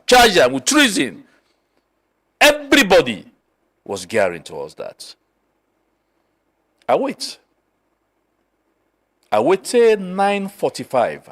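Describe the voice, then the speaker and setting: A middle-aged man from Sierra Leone with a Krio accent, a political guest telling a story in an animated way, mixing Krio and English. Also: medium pitch. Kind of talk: political talk show discussion.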